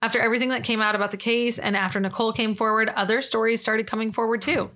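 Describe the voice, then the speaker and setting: A woman's voice: a little high, level tone, quick pace, fairly bright tone. A woman co-hosting a true-crime podcast, reading case details in a casual way and adding blunt, disgusted opinions. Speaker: podcast co-host.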